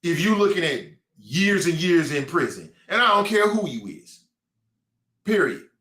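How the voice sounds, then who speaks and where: A man's voice: a little high, big pitch swings, measured pace, bright, forceful tone, echoey room. A man hosting a talk show with a Cincinnati accent, delivering a blunt, mocking, streetwise opinion monologue.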